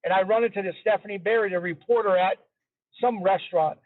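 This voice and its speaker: A man's voice: sits high, fast. A man as an interview guest, telling a story in a chatty, casual way and repeating himself for emphasis. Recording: tinny phone-line sound, dry.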